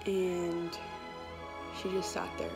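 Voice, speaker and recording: A woman's voice: lowish voice, little pitch movement, slow, creaky, over loud music. Chatty young woman vlogger. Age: 20s. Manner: chatty, many fillers and quoted dialogue. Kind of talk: casual storytelling vlog.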